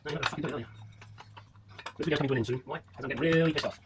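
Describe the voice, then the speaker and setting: Man, mid pitch, garage vlog, muttering and cursing at stubborn bolts, noisy workshop background. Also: fairly even intonation, rapid-fire. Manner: muttering and swearing at the work. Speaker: motorcycle restoration vlogger. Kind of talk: casual workshop commentary.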